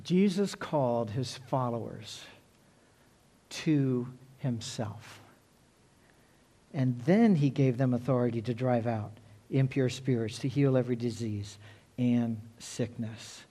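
A man's voice: mid-range voice, takes it slowly, mellow. A male pastor preaching a sermon earnestly, repeating key phrases for emphasis.

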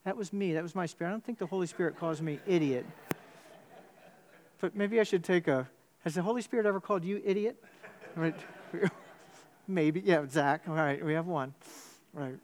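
A man preaches a sermon in a church. He tells his story with animated swings, jumping suddenly up in pitch before settling back down into a steady, measured delivery. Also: a little hiss or hum. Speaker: pastor.

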